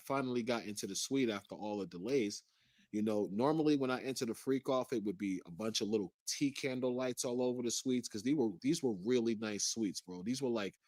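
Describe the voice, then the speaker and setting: A man's voice: mid-range voice, darkish tone, no echo, studio quality. A man as an interview guest, recounting a personal story in an earnest way.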